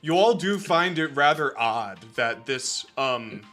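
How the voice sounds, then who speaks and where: Game master guy, slow talker, bright voice, lots of ums. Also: mid-range voice, lively intonation, soft background music. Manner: unhurried narration with many ums and uhs. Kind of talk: narrating a tabletop game.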